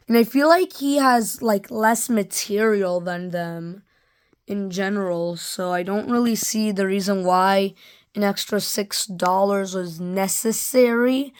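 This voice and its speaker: A woman's voice: on the high side, smooth. A woman casually reviewing toys in a rambling, offhand way, full of fillers. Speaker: toy reviewer. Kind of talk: casual product review vlog.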